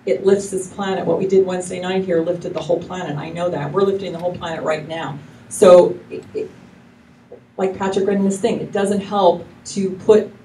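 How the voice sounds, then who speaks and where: A woman minister preaches in a loose, effusive, rambling way, often breaking off and restarting her sentences. Her voice is low and mellow. It is recorded from a distance in an echoey hall, with faint noise behind her. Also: fairly even intonation, moderate pace. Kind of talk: casual sermon. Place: church hall with live congregation.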